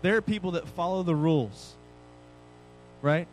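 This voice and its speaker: Casual preaching man, slightly high voice. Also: normal speed, soft background music, rough recording. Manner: casual and conversational, self-deprecating humor. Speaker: pastor. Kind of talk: sermon with personal story.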